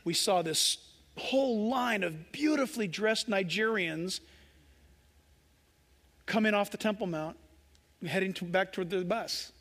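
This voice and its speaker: High, bright preaching man in echoey hall. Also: a little slow, long pauses. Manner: impassioned preaching, acts out quoted voices. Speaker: pastor. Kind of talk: sermon.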